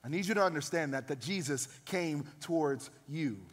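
Man, pastor, high voice, emphatic sermon, long echo of a church hall. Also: moderate pace. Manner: emphatic, builds to loud peaks.

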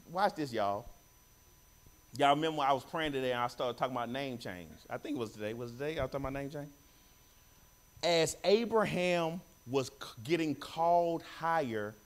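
Animated high-voiced male preacher. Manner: animated call-and-response preaching, repeats phrases. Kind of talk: sermon. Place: church.

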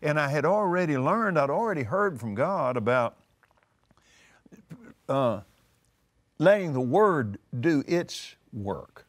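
An older man, teaching on a talk show, emphatic and animated, repeating words for force. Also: fairly high pitch, slow, pauses often. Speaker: preacher. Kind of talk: conversational teaching.

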